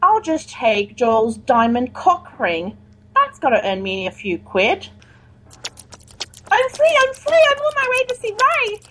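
A high, lively, desperate woman, as a woman puts her on pleads and whines melodramatically. Her voice leaps up and down as she clings to her old boss in an improvised comedy sketch. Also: unhurried, slight background noise, full character voice, rough recording. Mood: scheming. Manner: pleading, melodramatic, says his name constantly.

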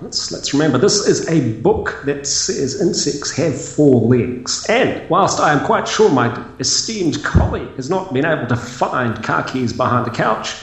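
A man's voice: mid-range voice, animated, measured pace, few pauses, echoey room. Wry, mock-formal man. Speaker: debater in a comedy sketch.

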